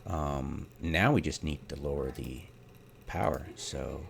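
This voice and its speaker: Man, low and gravelly, casual game commentary, exasperated rant, faint keyboard hum behind. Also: slow. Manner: exasperated, rhetorical questions, many ums. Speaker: game theorycrafter. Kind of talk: casual ranting commentary over gameplay.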